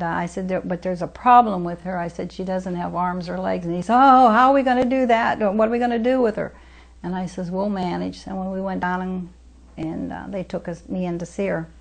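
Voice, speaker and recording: A woman's voice: lowish voice, creaky, darkish tone, poor audio. An older woman in a documentary interview, telling her story as a foster mother in a homespun way, acting out the dialogue and using folksy grammar. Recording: music bed under the voice. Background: music under the voice.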